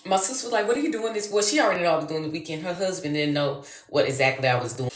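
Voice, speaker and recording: A woman vlogging, chatty and animated, talking straight to her viewers. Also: deep voice, rapid-fire, roomy sound. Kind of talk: excited vlog chat.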